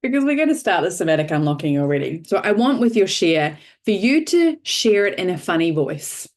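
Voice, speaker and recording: A woman's voice: fairly low pitch, big pitch swings, a little fast, a little mellow. A woman leading an online workshop over a video call, encouraging and swearing casually. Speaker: workshop facilitator.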